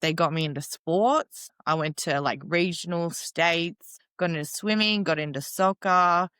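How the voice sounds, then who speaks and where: A woman's voice: fairly low pitch, bright, forceful tone, clean tone, dry recording. A young woman, a guest in an interview, talking plainly and casually about her life. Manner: plain-spoken, casual, lots of fillers.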